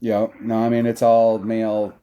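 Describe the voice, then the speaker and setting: A man's voice: on the low side, monotone, normal speed, clear, resonant tone, lo-fi sound. An American man chatting casually while gaming, making self-deprecating jokes. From United States. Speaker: mobile game player.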